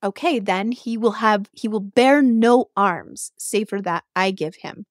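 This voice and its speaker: A woman's voice: mid-range voice, a little slow, dry recording, studio quality, close to an everyday voice. A stern goddess mother, as a woman storyteller puts her on. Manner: cold, declaring curses.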